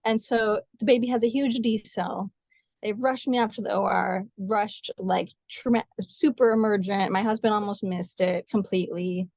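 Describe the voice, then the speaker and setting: A woman nurse telling the story of a difficult birth as an interview guest, animated and quick, acting out what others said to her. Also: medium pitch, no echo, lo-fi sound. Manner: fast, animated retelling with quoted dialogue. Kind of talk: emotional personal storytelling.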